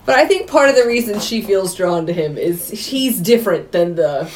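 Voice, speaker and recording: A woman's voice: medium pitch, animated, moderate pace, a little mellow. A woman with a mid-range, everyday voice chimes in on a movie podcast. She adds her thoughts about the story in an easy, conversational way. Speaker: podcast co-host. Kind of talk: casual movie podcast chat.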